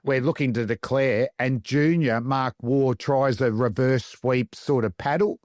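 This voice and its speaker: A middle-aged Australian man, a former fast bowler, telling cricket stories on a podcast and acting out the quotes with laughs. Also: medium pitch, no room sound, clean studio sound. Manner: animated storyteller, acts out quotes in other voices, laughs often. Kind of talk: casual anecdote-telling chat.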